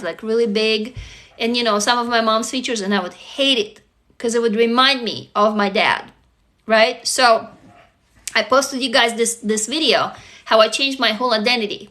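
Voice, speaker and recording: Young non-native English-speaking woman, livestream host, confessional and direct, bright, fairly high voice. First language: not English. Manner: earnest, confessional, addresses viewers directly. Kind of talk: casual heartfelt livestream talk.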